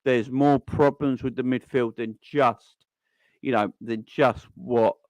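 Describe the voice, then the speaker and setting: A man chats on a fan live stream in a rambling, excitable way, full of slang and shout-outs. His voice sits at a middle pitch. It is close and dry, with no room sound. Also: takes it slowly, no room sound. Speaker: fan channel host. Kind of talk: casual live-stream chat.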